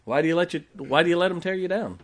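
A man's voice: a little high, rapid-fire. A man preaching a sermon as pastor, emphatic, with rhetorical questions, joking asides and check-ins with the congregation.

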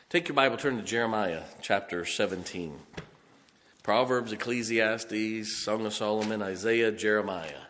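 A man's voice: on the low side, moderate pace, a bit bright. A male pastor preaching a sermon, telling folksy stories and laughing often between points. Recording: long hall reverb.

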